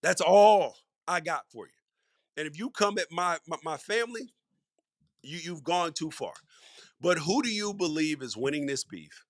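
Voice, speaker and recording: A middle-aged man with a fairly high, expressive voice hosts a sports podcast, delivering solo commentary at a moderate pace. He talks conversationally and emphatically, repeating words for stress. The studio-quality recording has no room sound.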